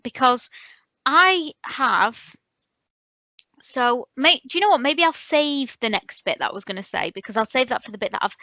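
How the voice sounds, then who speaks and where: A woman's voice: medium pitch, pushed and bright, no room sound, dull audio. A woman co-hosting a podcast in casual chat, playful and self-mocking as she teases her co-host.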